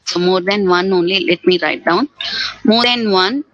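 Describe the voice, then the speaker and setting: A woman's voice: medium pitch, normal speed, fairly bright tone, no echo, muffled recording. A woman teaching a grammar lesson for exam preparation. She repeats key words and asks rhetorical questions. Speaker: English teacher.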